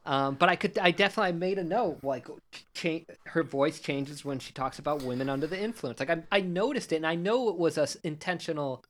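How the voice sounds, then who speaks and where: A man's voice: a little high, fairly quick, a little hiss or hum. A man co-hosting a casual film review podcast, speaking in a wry, offhand way. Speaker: podcast co-host.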